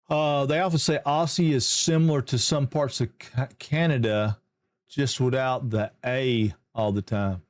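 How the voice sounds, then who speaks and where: A man from Georgia with a Southern American accent chats through a live game stream. He talks in a friendly, rambling way and greets viewers excitedly, with his pitch in an everyday middle range. The close microphone leaves his voice dry, with no room sound. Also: normal speed, no room sound. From Georgia, USA. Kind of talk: casual live-stream chat.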